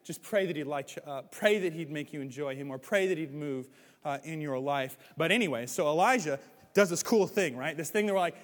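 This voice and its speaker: A man preaching a sermon as pastor, animated, swinging between loud, excited stretches and hushed ones. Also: on the high side, brisk. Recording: hall reverb.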